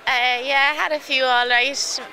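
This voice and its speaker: Girl jockey, high bright voice, laughing through it, outside. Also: fairly even intonation, moderate pace, rough recording. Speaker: jockey being interviewed. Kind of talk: casual chat. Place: outdoors at a race track.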